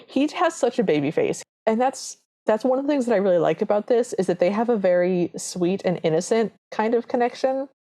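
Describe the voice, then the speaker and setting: A woman's voice: mid-range voice, lively intonation, brisk, hardly any pauses, dark tone. A woman co-hosting a podcast in casual chat, gushing with enthusiasm as she describes scenes. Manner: enthusiastic, gushing, often quotes characters. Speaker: podcast co-host.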